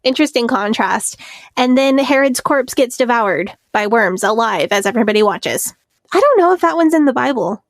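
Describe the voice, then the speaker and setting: A woman with a slightly high voice co-hosts a podcast in loose, chatty conversation. She laughs easily and acts out quoted lines as she retells scenes. The recording is dry and close to the mic. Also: expressive, normal speed, dry recording. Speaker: podcast co-host. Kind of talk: casual podcast chat.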